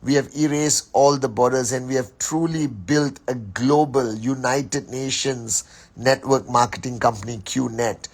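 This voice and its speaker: A man's voice: medium pitch, steady tone, measured pace, gravelly, husky. A man hosting an Instagram live on his phone, greeting viewers by name and giving an upbeat, rallying pep talk. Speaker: network marketing leader hosting an Instagram live. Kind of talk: casual live-stream shout-outs and pep talk.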